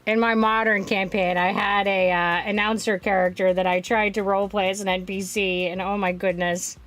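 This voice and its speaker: A woman streaming a video game, chatting casually, animated and prone to giggling. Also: medium pitch, normal speed. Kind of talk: casual gaming stream chat.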